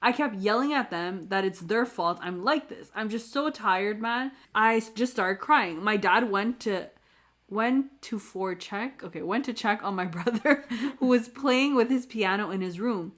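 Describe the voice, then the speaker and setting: A woman's voice: medium pitch, measured pace, fairly bright tone. A woman co-hosting a casual podcast, reading stories aloud with occasional slips and self-correcting laughs. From Canada. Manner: reads aloud with slips and laughs at her own mispronunciations.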